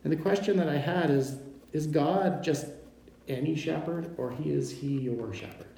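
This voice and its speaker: A man preaching a sermon, slow and emphatic, stressing each pronoun as he reads scripture. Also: a little high, creaky, dark tone, slight background noise. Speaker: pastor. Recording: very echoey room.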